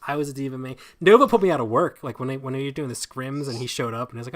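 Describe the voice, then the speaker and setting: Speaking very fast in a medium-pitched voice, a man hosts a live-streamed chat show over a streaming mic. His casual talk is animated and self-deprecating, and he keeps tripping over his words.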